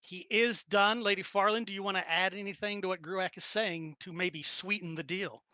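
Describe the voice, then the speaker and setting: A man's voice: sits high, steady tone, normal speed, bright, forceful tone, smooth. A man running a tabletop game as game master, joking and laughing with players. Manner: playful, laughing.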